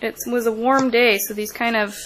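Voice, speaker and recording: A young woman with a higher, steady voice speaks at a moderate pace while filming a casual unboxing vlog at home, with background noise. She chats with her kids, coaxing them along, and reads snack names aloud into the camera mic.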